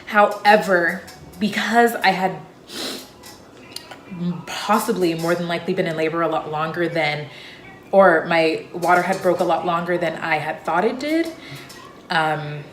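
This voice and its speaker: A woman's voice: on the low side, unhurried, pauses often, faint music behind. A young woman talking casually to camera as a vlogger, telling a personal story in a chatty, loose way with lots of fillers. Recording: echoey room.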